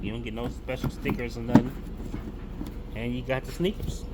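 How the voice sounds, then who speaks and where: A man's voice: medium pitch, normal speed, heavy background noise. Easygoing man showing his sneakers. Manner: relaxed, repeats words and restarts, casual slang. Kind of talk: casual unboxing vlog.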